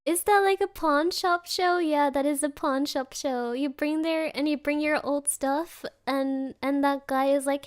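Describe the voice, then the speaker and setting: Giggly high-voiced woman. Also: fairly even intonation, normal speed, few pauses. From Germany. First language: German. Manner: giggly, often breaking into laughter. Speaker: streamer. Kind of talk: casual chat.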